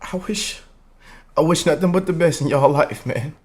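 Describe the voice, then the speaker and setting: A man's voice: fairly high pitch, a little fast. A man hosting a reaction channel, speaking in a heartfelt, emotional way and often adding "man" and "y'all". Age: 20s.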